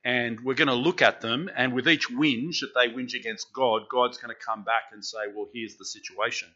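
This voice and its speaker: Aussie pastor guy chatting thru his sermon, asks the room questions, bright voice, dull recording. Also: medium pitch, fairly even intonation, moderate pace. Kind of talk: interactive sermon. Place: church.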